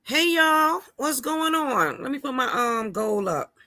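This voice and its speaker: A woman's voice: high voice, expressive, a little slow, bright, forceful tone, no room sound. A woman hosting a casual livestream. She greets her viewers by name and stresses her points by repeating words. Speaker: livestream host. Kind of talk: casual live-stream chat.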